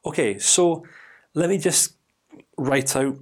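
A man voicing a matter-of-fact male doctor who asks routine questions in a hurried way. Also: on the high side, breathy edge. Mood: brisk.

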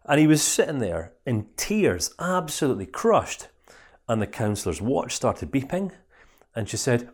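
A man, a life coach, telling a parable in an animated, conversational lesson. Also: medium pitch, measured pace. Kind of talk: storytelling lesson.

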